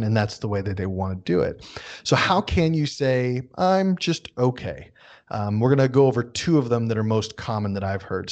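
A man's voice: medium pitch, a little mellow. Guy chatting on a podcast, easygoing, explains stuff, jokes about himself. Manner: friendly explaining, self-mocking jokes. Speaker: podcast co-host teaching Chinese. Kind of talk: casual chat.

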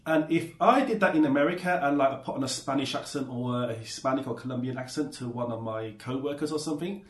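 British-born man, podcast guest, hesitant and filler-heavy, mid pitch, echoey room. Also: fast. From Britain. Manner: hesitant, many fillers and restarts. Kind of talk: casual chat.

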